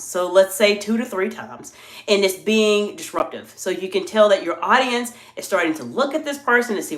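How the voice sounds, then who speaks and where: Woman doing a live coaching stream, polite and animated, mid pitch, kind of echoey room. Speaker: executive communication coach. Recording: roomy echo.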